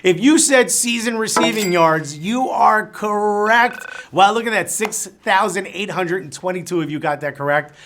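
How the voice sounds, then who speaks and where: A man's voice: high voice, moderate pace, hardly any pauses, a bit bright. A Cuban American man hosting a live trivia game show, reading questions and cracking chatty jokes between them.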